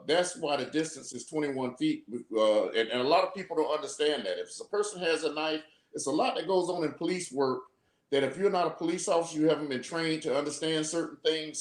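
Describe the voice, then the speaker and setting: A man who is a former police officer, explaining steadily on a live video call and often repeating his words. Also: fairly high pitch. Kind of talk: live video talk show discussion. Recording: echoey room.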